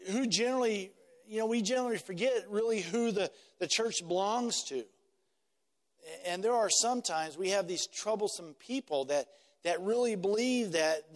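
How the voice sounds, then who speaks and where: High-voiced pastor preaching in a reverberant church. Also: male voice. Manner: conversational, repeats phrases, frequent "right?" tags. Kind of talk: sermon.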